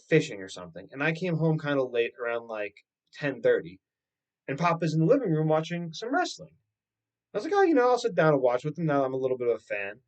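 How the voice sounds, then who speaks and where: Young man rambling casually on his podcast. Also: fairly high pitch. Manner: rambling, animated, swears casually. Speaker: podcast host. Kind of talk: casual solo podcast storytelling.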